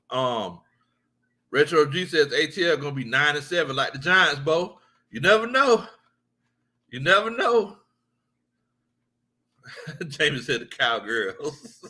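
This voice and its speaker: A man's voice: fairly high pitch, lively intonation, takes it slowly, long pauses, bright, forceful tone. A man hosting a casual livestream sports chat, reading viewer comments, joking, laughing often and repeating his lines.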